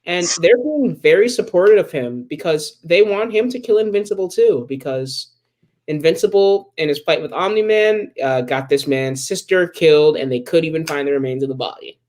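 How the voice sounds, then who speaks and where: A man's voice: fairly high pitch, moderate pace, darkish tone. A man co-hosting a podcast, casually recapping a comic book plot with many ums and acted-out quotes. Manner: rambling retelling with many ums and quoted asides. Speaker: podcast co-host.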